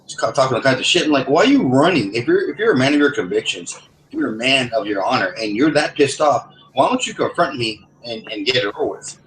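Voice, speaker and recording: A man's voice: medium pitch, lively intonation, a little fast, fairly bright tone. A man telling an angry, profane story in casual chat, stammering and restarting as he goes. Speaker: gamer in a voice lobby. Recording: echoey room, faint background noise.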